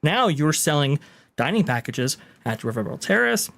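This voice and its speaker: A man's voice: on the high side, sing-song, normal speed, creaky, a bit bright. A man hosting a podcast, casually commenting on video clips in a chatty, explanatory way. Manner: chatty, explanatory, with frequent fillers. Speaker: podcast host.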